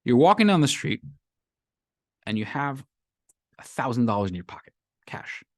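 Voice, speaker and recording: A man's voice: medium pitch, sing-song, normal speed, dry recording, studio quality. A man who is a rabbi giving a conversational Torah class to a live group, explaining ideas and acting out everyday scenarios.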